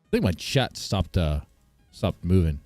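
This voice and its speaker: A man's voice: deep voice, big pitch swings, unhurried, darkish tone, no echo. A man streaming live, reacting with bemused chatter to his viewers and stammering when surprised. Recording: dry close mic with faint guitar music.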